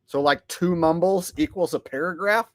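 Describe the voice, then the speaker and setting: A man's voice: on the high side, normal speed, no room sound. A man hosting a casual commentary vlog, sarcastic and rambling, often laughing and mocking. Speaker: vlogger host.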